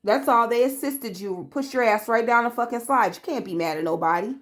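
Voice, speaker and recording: Speaking briskly in a fairly high voice, this tarot reader addresses the camera with streetwise bluntness and plenty of profanity. She calls the listener babe and performs the voices of people she quotes.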